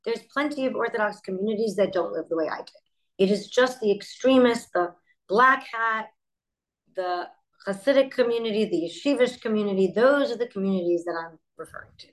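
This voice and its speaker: A middle-aged woman who founded a company is a guest in an interview, telling animated stories full of quick asides. Her voice is medium in pitch, and the recording quality is low.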